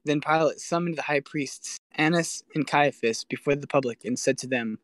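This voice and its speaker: Man reading scripture, solemn and measured. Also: a little high, a bit bright, no echo. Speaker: host reading ancient texts.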